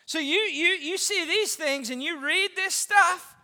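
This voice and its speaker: Male pastor, very high and sharp-toned, animated sermon with joking asides, long church reverb. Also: unhurried. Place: large church during a service.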